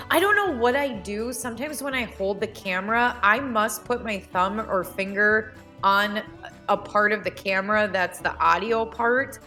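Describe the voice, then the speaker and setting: A woman hosts a home cleaning vlog, chatting casually in a bright, forceful, medium-pitched voice with faint music in the background. She often restarts her sentences and speeds up when explaining things, moving between vlog chat and voiceover.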